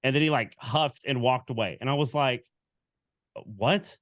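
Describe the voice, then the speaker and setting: A man co-hosting a sports talk show, chatting casually and animatedly. He tells anecdotes by acting out each side of the conversation. His voice sits at an everyday middle pitch and sounds close and dry. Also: measured pace, no room sound. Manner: animated storyteller, acts out quoted exchanges. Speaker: podcast co-host.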